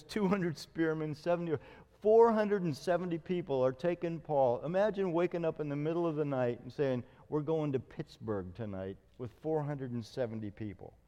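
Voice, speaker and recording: A middle-aged man preaching a sermon as a pastor, telling stories with lively acted-out quotes. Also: a little high, big-room sound. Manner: storytelling, animated retelling with acted quotes.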